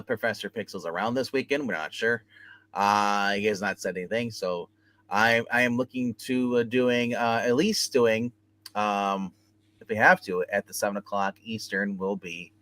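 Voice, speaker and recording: A man's voice: fairly low pitch, lively intonation, normal speed, fairly bright tone. Rambling, joking man co-host. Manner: rambling, joking, lots of fillers. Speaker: podcast co-host. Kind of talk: casual chat.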